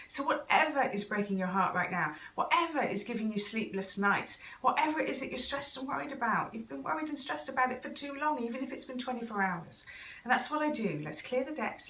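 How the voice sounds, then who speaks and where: A woman's voice: fairly high pitch, bright, forceful tone, roomy sound, far from the mic. A woman talking straight to camera as an intuitive coach, chatty and earnest, with little laughs and fillers. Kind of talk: casual direct-to-camera talk.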